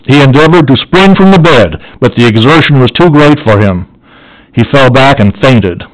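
A man narrating an audiobook in a measured, earnest manner. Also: medium pitch, low-quality recording. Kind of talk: audiobook reading.

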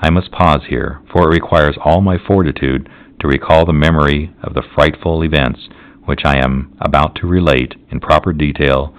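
Very deep-voiced man reading solemnly. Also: steady tone, moderate pace. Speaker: audiobook narrator. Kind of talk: scripted narration of a classic novel. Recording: dull lo-fi recording.

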